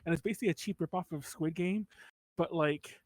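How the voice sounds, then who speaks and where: A man's voice: a little high, fairly quick, no room sound. A man co-hosting a podcast in casual chat, rambling, swearing and laughing often. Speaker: podcast co-host.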